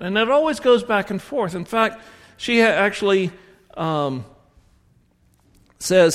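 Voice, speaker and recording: Speaking slowly and pausing often, this pastor has a high, animated voice and a Southern American accent. His sermon wanders through stories with frequent self-corrections and restarts, echoing with long hall reverb.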